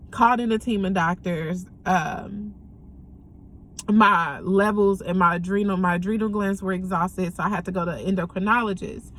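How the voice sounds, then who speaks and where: A young woman speaks in a plain, mid-pitched voice, telling her own story in a candid, earnest way. She talks haltingly, often pausing and filling gaps with ums as she gathers her thoughts. A faint hum of room ambience sits behind her. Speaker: vlogger sharing a personal story. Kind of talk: candid personal testimony.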